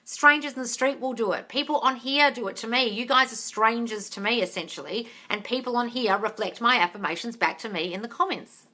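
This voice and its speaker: A woman's voice: on the high side, fairly quick, few pauses, pushed and bright. An Australian woman hosting a live Q&A, reading out viewer comments and answering them bluntly, with plenty of swearing and calling people darling. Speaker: live-stream host answering viewer questions.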